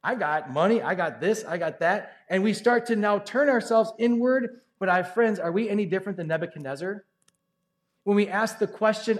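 Brief: man, pastor, light high voice, conversational lively sermon delivery. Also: moderate pace. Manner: conversational, animated preaching with asides.

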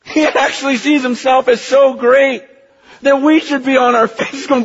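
Fervent male preacher, high husky voice, long hall echo on a dull lo-fi recording. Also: steady tone, moderate pace. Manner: impassioned, swings from hushed to near-shouting. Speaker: pastor. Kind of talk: sermon. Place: church sanctuary.

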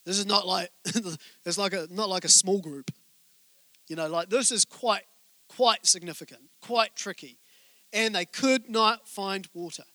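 A man's voice: sits high, measured pace, pushed and bright, no echo. A middle-aged man preaching a sermon to a congregation, telling a story with humor and asides to the listeners. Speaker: pastor. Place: church hall with congregation.

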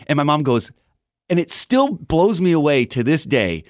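A man in his forties from Southern California, a guest on a radio show, telling stories in a lively way and acting out the voices of people he quotes. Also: medium pitch, brisk, dry recording, studio quality. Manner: animated storyteller, acts out quoted voices. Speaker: TV news anchor, guest. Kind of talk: casual radio interview.

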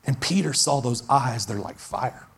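A man's voice: mid-range voice, lively intonation, a little slow, creaky, husky. A man in his forties, a pastor preaching an earnest, emphatic sermon that repeats its key phrases. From Texas.

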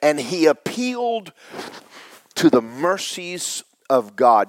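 A middle-aged male pastor preaching, his voice tearful, dropping to whispers and rising to loud cries. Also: on the high side, sing-song, slow, no echo. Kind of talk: sermon.

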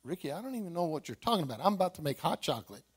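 A man voicing his puzzled, teasing adult wife in a quick, exasperated retelling. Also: on the high side, big pitch swings, breathy edge, pitched above the performer's own voice.

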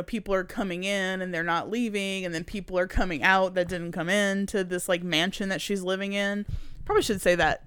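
Woman, podcast co-host, chatty, quick to laugh, smooth voice, dry close sound. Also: medium pitch, no echo. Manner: chatty, laughs often, says "like" a lot. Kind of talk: casual chat.

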